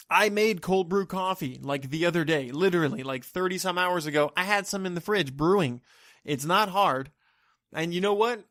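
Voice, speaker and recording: A man's voice: a little high, fairly bright tone, dry recording, studio quality. A man ranting on his own podcast in a rambling, profane, exasperated way. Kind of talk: solo rant monologue.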